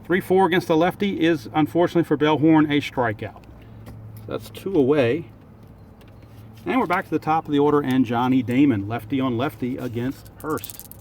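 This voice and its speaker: A man's voice: a little high, moderate pace, a little mellow, slight background noise. A man calling play-by-play for a tabletop baseball game outdoors and thinking aloud over each roll. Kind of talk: play-by-play commentary of a dice game.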